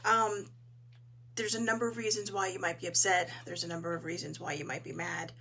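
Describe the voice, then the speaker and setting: A woman hosting a casual live talk, her voice hoarse as she chats in an encouraging way and greets viewers. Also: fairly low pitch, flat delivery, fairly quick, bright, forceful tone. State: hoarse, clearing her throat. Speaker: host.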